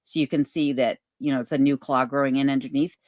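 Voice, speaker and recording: A woman hosting a casual livestream Q&A from her cabin, reading viewer comments aloud and answering in an unhurried way with plenty of ums. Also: very deep voice, dry recording, studio quality. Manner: relaxed, unhurried, many ums, reads chat comments aloud. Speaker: channel host answering viewer questions. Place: home cabin in remote Alaska.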